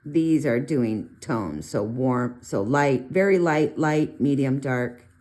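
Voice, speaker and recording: Chatty low-voiced woman giving art tips. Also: slow pace. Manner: chatty, rambling asides, animated pitch jumps. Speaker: colored pencil artist reviewing pencils. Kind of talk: casual art tutorial talk.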